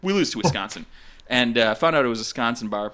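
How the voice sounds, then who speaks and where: A man's voice: medium pitch, expressive, fast talker, fairly bright tone. Rambling, jokey man from Minnesota. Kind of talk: casual chat.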